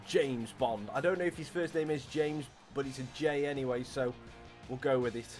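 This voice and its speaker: A man's voice: medium pitch, moderate pace, soft background music. Jokey man commentating a football game. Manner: jokey, excitable play-by-play, talks to players and referee. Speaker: gaming streamer. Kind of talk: live commentary over a football video game.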